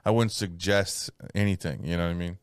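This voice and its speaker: A man's voice: low-pitched, steady tone, fairly quick, smooth, no room sound, studio quality. A young man, co-hosting a podcast and telling rambling, crude anecdotes with acted-out voices. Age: young adult. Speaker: podcast co-host, comedian. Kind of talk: casual chat, storytelling.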